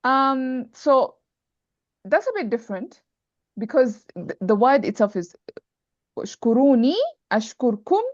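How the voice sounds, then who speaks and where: A woman's voice: on the high side, lively intonation, measured pace, no room sound. Female teacher, dull lo-fi call audio. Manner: patient, repeats terms and checks understanding. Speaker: Arabic grammar teacher. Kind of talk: online class explanation.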